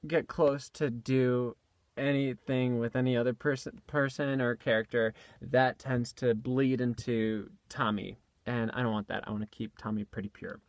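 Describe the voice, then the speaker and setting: Recording on a tablet's built-in mic inside a cramped, clothes-filled closet, a young man talks about his voice session at a moderate pace, his medium-pitched voice dry. It's a loose behind-the-scenes vlog from a voice actor, heavy on fillers, false starts and self-mockery.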